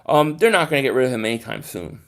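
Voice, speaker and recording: A young man hosting a casual live stream, reading comments and rambling excitably about football with lots of repeated words. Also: medium pitch, fast talker.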